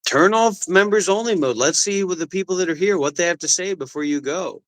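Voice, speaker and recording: A man's voice: high voice, fairly quick, rough recording. A man co-hosting a livestream, ranting and mocking in casual chat. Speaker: livestream co-host.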